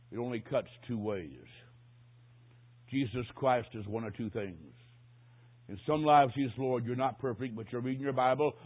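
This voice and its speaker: A man preaching a sermon, telling a story dramatically and swinging from hushed tones to loud peaks. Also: medium pitch, breathy edge. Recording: tinny phone-like sound.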